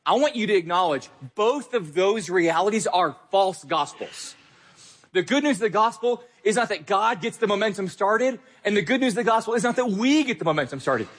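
A pastor delivering an emphatic, earnest sermon, repeating key phrases. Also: male voice, sits high, animated, a little fast, fairly bright tone, husky.

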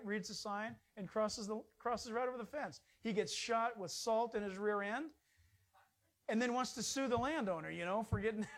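A man's voice: extremely high pitch, a bit bright. Male pastor delivering a sermon, emphatic and conversational. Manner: emphatic, conversational preaching with sudden rises.

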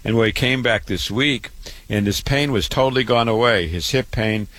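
In a mid-range, slightly bright voice at a moderate pace, a male doctor promotes his clinic in a health talk. He is repetitive, listing things one after the next.

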